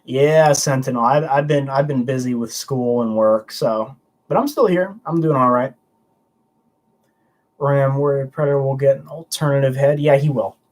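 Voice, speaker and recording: A man's voice: mid-range voice, moderate pace, darkish tone. A young man hosting a casual livestream, chatting loosely and answering viewer comments with frequent restarts. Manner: rambling, chatty, stumbling restarts. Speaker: livestream host.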